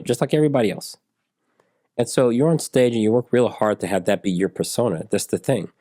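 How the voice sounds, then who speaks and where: A man in his forties, an interview guest, telling stories in a relaxed way and acting out the people in them. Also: lowish voice, no room sound, studio quality. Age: 40s. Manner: animated storyteller who acts out dialogue in raised voices. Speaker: interview guest, software engineer.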